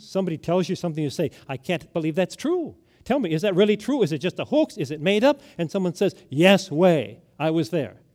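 Older man preaching with emphatic swings. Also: a little mellow. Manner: emphatic, dramatic swings in pitch and volume. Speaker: pastor. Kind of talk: sermon.

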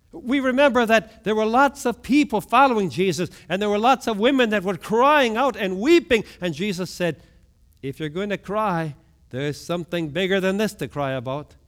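A man preaching a sermon, moving between hushed low lines and sudden raised outbursts, often asking his listeners questions. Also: animated, moderate pace. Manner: asks the congregation questions. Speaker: pastor.

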